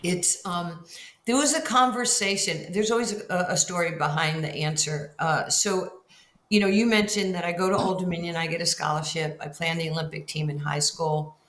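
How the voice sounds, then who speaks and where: A woman's voice: on the low side, normal speed. A woman in her sixties from New York, a guest telling stories in an interview, acting out the voices she quotes. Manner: animated, acts out quoted voices. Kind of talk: storytelling interview. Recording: roomy echo, faint ambience.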